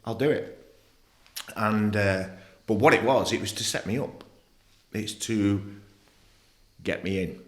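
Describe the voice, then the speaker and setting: A man's voice: lowish voice, reverberant. A man, a podcast guest telling his story bluntly and animatedly, swearing often. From England. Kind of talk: candid interview conversation.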